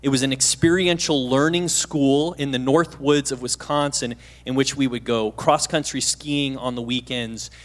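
A man's voice: mid-range voice, fairly even intonation, moderate pace, few pauses. A man in his thirties gives a casual, story-driven sermon from a church stage, with a mid-range voice. He drops in self-deprecating jokes and keeps asking the congregation questions. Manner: chatty, self-deprecating, asks the audience questions. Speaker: guest pastor.

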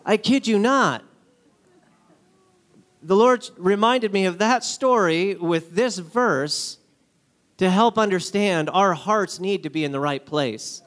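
Male guest preacher, high voice, animated storyteller who acts out characters. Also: slow pace. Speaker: guest speaker. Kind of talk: sermon with acted-out stories.

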